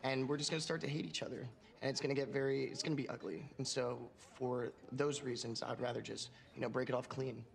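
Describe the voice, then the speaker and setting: An actor playing a driven young male drummer, calmly laying out a matter-of-fact breakup. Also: medium pitch, vocal fry, natural voice. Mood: flat, resolute. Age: young adult. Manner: matter-of-fact, rapid, reasoned breakup speech. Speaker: film character. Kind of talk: film drama acting.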